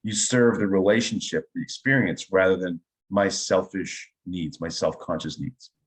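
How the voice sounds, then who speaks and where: In a relaxed interview, a middle-aged man with a fairly low voice speaks as an improv teacher. Enthusiastic and talking at a normal pace, he makes his points through personal stories in a conversational storytelling style, often checking in with "right?"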